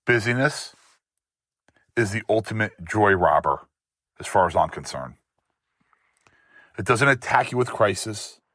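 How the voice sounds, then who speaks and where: A man's voice: lowish voice, lively intonation, unhurried, long pauses, a bit bright, dry recording, clean studio sound. A man hosting a faith-based motivational monologue, speaking emphatically in rhythmic lists of short phrases. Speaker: host.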